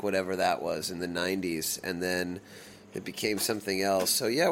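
A man's voice: low-pitched, a bit bright, slight background noise. A middle-aged man, a touring musician from the United States, talking casually in an interview and rambling with restarts and fillers.

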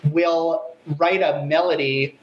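A young man with a relatively high, nasal voice, chatting animatedly as a guest on a remote interview. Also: highs cut off, a little hiss or hum. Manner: fast, animated, talkative, self-deprecating. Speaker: guitarist and songwriter, guest. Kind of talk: casual interview chat.

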